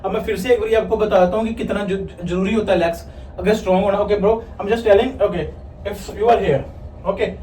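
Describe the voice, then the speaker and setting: A man's voice: high voice, fairly even intonation, darkish tone, a little hiss or hum. A man with an Indian accent hosting a playful fitness vlog, teasing his friend and calling him bro. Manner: rapid, playful, teasing, says bro a lot. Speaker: fitness vlogger. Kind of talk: joking bilingual vlog chat. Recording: roomy sound from far off.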